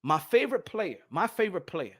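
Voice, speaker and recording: A young man hosting a boxing talk show and ranting loudly, repeating himself, with sudden swings from shouting to low muttering. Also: sing-song, fairly quick. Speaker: boxing commentary host. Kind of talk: animated opinion rant.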